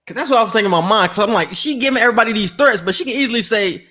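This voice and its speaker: A man co-hosting a podcast, talking in a slangy, animated way and acting out quotes in casual chat. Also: sits high, rapid-fire, few pauses. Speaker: podcast co-host.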